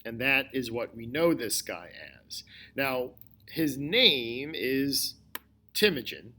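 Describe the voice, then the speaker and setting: Man, history teacher, recorded lecture, unhurried delivery, mid-pitched voice, repeats points. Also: expressive, sharp tone. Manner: slow, deliberate explaining with repetition.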